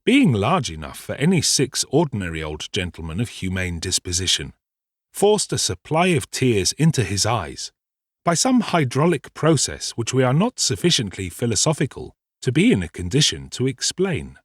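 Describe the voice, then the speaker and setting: A man narrating a dramatic audiobook in an expressive, theatrical storytelling manner. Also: mid-range voice, normal speed, slightly rough, dry recording, clean studio sound.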